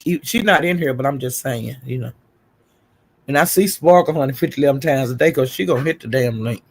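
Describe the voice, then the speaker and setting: A man's voice: mid-range voice, a little fast, breathy edge. A man hosting a casual livestream, gossiping and greeting viewers in the chat, calling them honey and child. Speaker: livestream host. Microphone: streaming setup.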